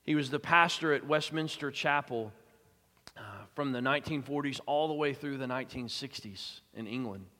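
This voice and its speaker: A man's voice: medium pitch, normal speed, sharp tone. A male pastor preaching a sermon in an earnest, emphatic way, sometimes repeating words as he builds a point. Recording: long reverb of a large hall.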